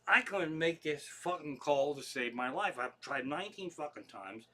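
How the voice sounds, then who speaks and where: A man's voice: fairly high pitch, animated, normal speed, fairly bright tone. A middle-aged man with a Pennsylvania accent, a comedian telling loose, profane stories on a livestream from his living room. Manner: profane, chatty, loose asides. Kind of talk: rambling comic storytelling.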